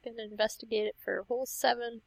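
A woman's voice: a little high, little pitch movement, fast talker, gravelly, breathy edge, no room sound, rough recording. A woman playing a tabletop game who talks in a brash, profane, exasperated way.

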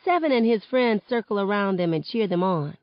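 A woman reading a novel aloud in steady first-person narration, on a dull lo-fi recording. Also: medium pitch, brisk, no echo. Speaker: reader.

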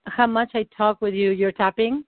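A woman with a mid-pitched voice coaches someone over a call, affirming what she hears and steering with gentle questions. The audio is narrow and dry, like a phone line. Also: steady tone, moderate pace, no echo. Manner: affirming, encouraging, leads with questions. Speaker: coach or practitioner. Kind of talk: guiding conversational call.

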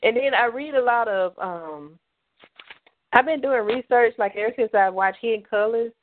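A woman's voice: a little high, normal speed, slight background noise. A woman guest on a radio interview, chatting casually with lots of fillers and restarts, from the American South. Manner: rambling, many fillers and restarts. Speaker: author guest. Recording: tinny phone line, dry.

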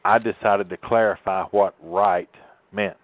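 Emphatic preacher on a tinny phone line. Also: male voice, on the low side, fairly even intonation, a little slow, dry recording. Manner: emphatic, sermon-like, drawls key words. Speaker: host and pastor. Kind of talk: preachy radio talk.

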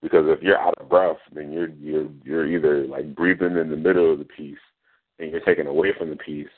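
A man's voice: rumbling low, steady tone, brisk. A man hosting a radio show, chatting casually about poetry and often asking "you know what I'm saying". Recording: phone-like radio audio.

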